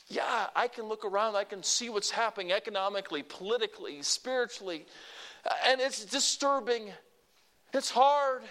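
An older man preaching a sermon, emphatic, swinging between hushed and loud passages and calling on listeners to repeat phrases after him. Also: high-pitched. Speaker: pastor.

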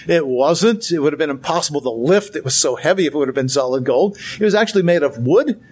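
Chatty man teaching, fairly high voice. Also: lively intonation, fast talker, a little mellow, husky. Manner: conversational, many fillers and restarts, dry humor. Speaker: Bible teacher. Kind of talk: informal lecture.

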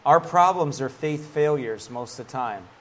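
Male pastor, conversational sermon, slightly high voice, lively and chatty. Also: moderate pace. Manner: conversational, animated preaching with laughs and asides.

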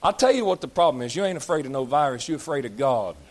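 A man's voice: medium pitch, animated, quick pace. A man, preaching a blunt, folksy sermon as pastor, scolding and joking with his congregation. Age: 30s. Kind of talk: fiery sermon.

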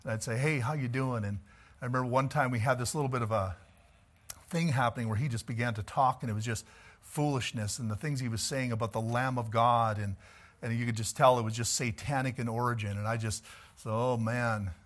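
A man's voice: mid-range voice, fairly quick. Guy preaching, swapping stories, chuckles a lot, middle voice. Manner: storytelling, animated preacher with chuckles. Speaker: pastor. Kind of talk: sermon.

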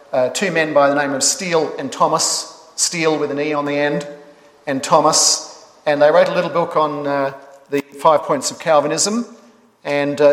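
A man preaching a measured expository sermon as pastor, stretching out key words for emphasis. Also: a little high, a bit bright. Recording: echoey hall reverb.

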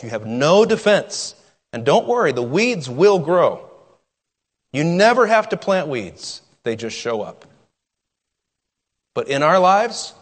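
A man's voice: fairly high pitch, in a large hall. A man preaching a sermon as pastor, emphatic and full of rhetorical questions, often restarting his sentences.

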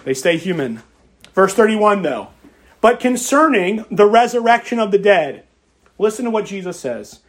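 A man with a fairly high voice preaching from the pulpit. He reads scripture aloud, then presses his point by repeating key phrases with emphasis. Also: sing-song, moderate pace. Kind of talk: expository sermon.

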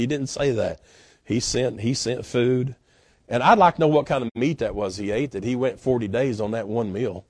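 A man's voice: medium pitch, moderate pace, a little mellow, no echo. A male guest pastor preaching a sermon in a folksy, emphatic way, with frequent "uh" fillers. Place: church.

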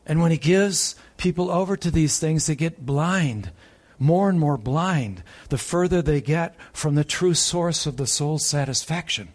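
A preacher gives a sermon at a slow pace, his slightly husky voice pitched a bit higher than most men's. He moves between loud, urgent peaks and soft, hushed stretches.

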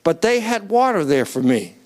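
Male preacher, high-pitched, animated sermon delivery that rises to near-shouts and calls on the congregation. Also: moderate pace. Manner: asks the crowd to raise hands.

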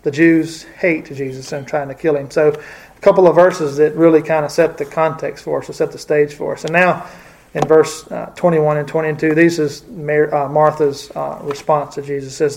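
A man's voice: fairly high pitch, level tone, normal speed, creaky, darkish tone. A man teaching a casual Bible study, talking hesitantly with many fillers and restarts.

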